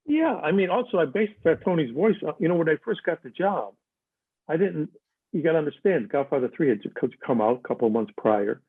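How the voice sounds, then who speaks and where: A man's voice: fairly high pitch, animated, fairly quick, breathy edge, dry recording. An older man chatting as a guest, telling stories animatedly and slipping into other voices for quotes. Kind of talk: casual storytelling chat. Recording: dry, tinny phone-like line.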